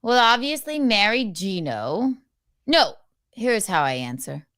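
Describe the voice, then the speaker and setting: A woman's voice: mid-range voice, sing-song, measured pace, fairly bright tone, no echo, studio quality. A woman co-hosting a live talk show, speaking in a theatrical transatlantic manner, joking along. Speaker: co-host. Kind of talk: casual live show chat.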